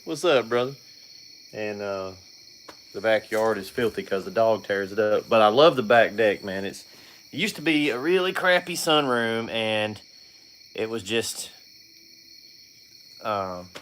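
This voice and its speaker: A man's voice: on the low side, expressive, a little slow, pauses often, fairly bright tone, slight background noise. A man hosting a casual livestream from his back deck, laid-back and greeting viewers by name as he talks business. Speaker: washing business owner and channel host. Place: outdoor back deck at night.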